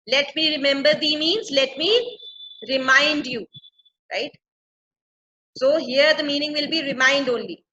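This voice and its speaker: A woman's voice: high-pitched, a little slow, long pauses, bright, forceful tone. A woman, teaching a play by reading each line and paraphrasing it plainly. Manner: reads the old verse, then paraphrases it in plain words. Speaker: English literature teacher. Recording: dull lo-fi recording.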